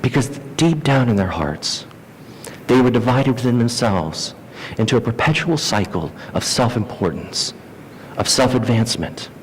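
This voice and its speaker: Animated male pastor preaching in a reverberant hall. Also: normal speed. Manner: animated preaching, acting out quoted voices. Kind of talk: sermon. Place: church hall. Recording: reverberant church hall with faint rumble.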